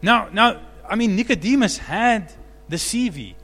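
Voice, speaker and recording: A male pastor preaches with animated energy, building to loud, emphatic peaks. His voice sits fairly high and rings out with the long echo of a church hall. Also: unhurried. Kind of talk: sermon.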